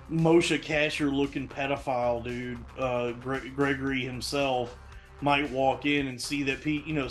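Rambling, profane man telling a story. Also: mid-range voice. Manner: rambling, profane, frequent restarts and fillers. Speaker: podcast host. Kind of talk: casual storytelling monologue.

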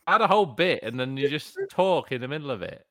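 A man's voice: medium pitch, expressive, fast, background noise. A man on a comedy podcast, blunt and heckling. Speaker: podcast co-host.

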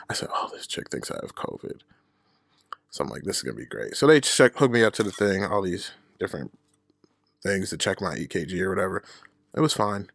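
A man's voice: low voice, gravelly, fairly bright tone, no echo, clean studio sound. A man hosting his own podcast, telling a personal story in a casual, profane, candid way, laughing at himself and acting out the people he quotes. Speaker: podcast host.

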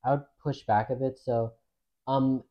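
A man co-hosting a casual podcast chat, relaxed and thoughtful, gently pushing back on points. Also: medium pitch, a little slow, dull audio.

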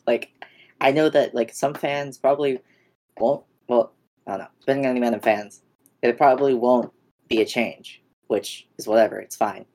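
A woman's voice: rumbling low, moderate pace, darkish tone. A young woman co-hosting a podcast, chatting casually about films, ranting with lots of "like" and swearing. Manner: ranting, heavy use of "like" and swearing. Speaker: podcast co-host. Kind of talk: casual fan chat.

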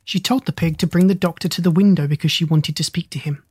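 A reader narrating a children's storybook in a steady, gentle way. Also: mid-range voice, fast talker, breathy edge, no echo. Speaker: audiobook reader.

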